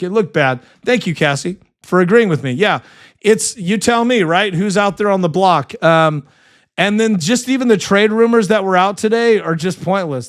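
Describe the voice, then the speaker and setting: A man's voice: high-pitched, smooth. A man hosting a live sports stream, chatting casually and reading viewer comments, passionate and full of fillers.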